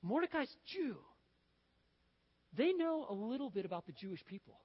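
High-voiced preacher in a reverberant hall. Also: male voice, big pitch swings, fast talker. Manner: conversational, storytelling preacher who acts out scenes. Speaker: pastor. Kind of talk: sermon. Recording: dull sound with long reverb.

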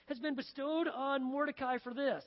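A man's voice: extremely high pitch, fairly even intonation, moderate pace, pitched above the performer's own voice. A man putting on a commanding ancient king. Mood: questioning. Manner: questioning, commanding. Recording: dull lo-fi sound with long hall reverb.

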